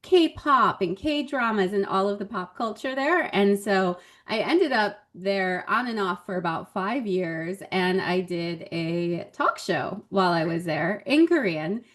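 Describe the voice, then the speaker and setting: A woman comedian as a podcast guest, telling stories in a chatty, animated way with frequent laughs. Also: medium pitch, a little slow, few pauses. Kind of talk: casual podcast chat.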